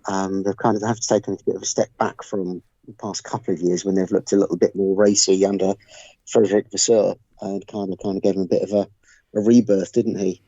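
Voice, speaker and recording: A man with a low voice talks through his thoughts in a relaxed podcast chat, pausing often on fillers. The sound is dry and a little dull, like a home remote recording. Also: dry recording. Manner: thoughtful, hesitant with many fillers. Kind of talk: casual chat.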